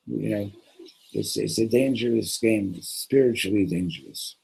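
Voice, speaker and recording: Mellow, husky-voiced rabbi teaching. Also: male voice, fairly low pitch, rough recording. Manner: halting, repeats words, conversational asides. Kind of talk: casual sermon with a joke.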